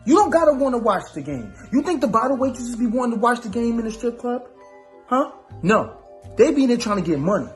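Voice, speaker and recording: A man's voice: very high-pitched, sing-song, fairly quick, faint music behind. A married man co-hosting a podcast, venting in a playful, exaggerated way and teasing his wife. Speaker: co-host. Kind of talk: comedic podcast banter.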